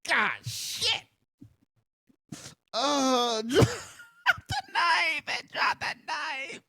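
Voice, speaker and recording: A man hosting a film reaction video, talking over the scenes, swearing freely and bursting into loud laughter. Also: very high voice, very animated, drawn-out words. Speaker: channel host.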